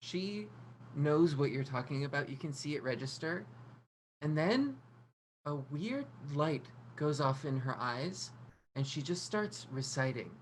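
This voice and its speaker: A woman narrating a tabletop game as game master, relaxed and full of fillers. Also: low voice, measured pace, a little hiss or hum.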